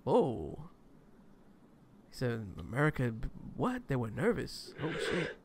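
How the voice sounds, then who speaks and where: A man hosting a casual commentary show, reacting to clips in a loose, profane, animated way. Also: medium pitch, slow. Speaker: host.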